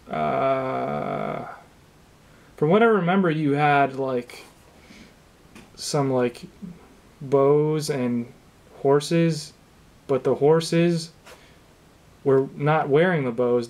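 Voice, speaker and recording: A young man with a slightly high voice improvises one half of a phone call as a shoemaker talking to an upset customer. He fires off disbelieving questions in a deadpan, mock-supportive way. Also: slow pace, long pauses.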